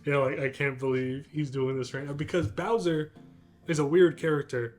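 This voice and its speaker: A man's voice: on the high side, steady tone, normal speed, a little mellow, faint music behind. A man co-hosting a casual podcast, talking in a rambling, enthusiastic way with lots of fillers. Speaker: podcast co-host. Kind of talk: casual chat.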